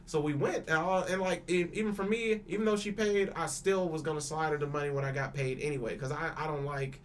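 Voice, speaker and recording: A man's voice: a little high, brisk, a little hiss or hum. A young man in casual podcast chat, telling a long story with frequent laughs and repeated words, acting out both sides of quoted exchanges. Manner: animated, laughs often, repeats and restarts words, swears freely. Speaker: podcast panelist.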